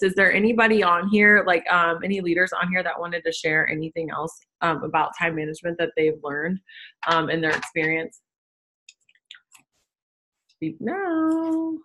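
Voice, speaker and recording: A woman's voice: fairly low pitch, pushed and bright. A young woman co-hosting a group call, chatting casually and loosely with frequent fillers. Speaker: co-host of a business team call.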